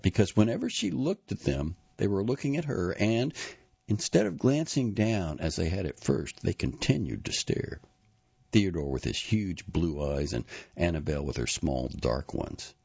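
A man narrating an audiobook in a measured, even storytelling manner. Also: extremely low pitch, gravelly, husky, no echo, highs cut off. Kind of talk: scripted literary narration.

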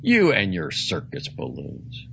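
A man's voice: rumbling low, huge pitch swings, slow, vocal fry, a bit bright, muffled recording, a little hiss or hum, heavily acted. Man doing a grumpy skeptical priest. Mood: irritable. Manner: irritable, dismissive.

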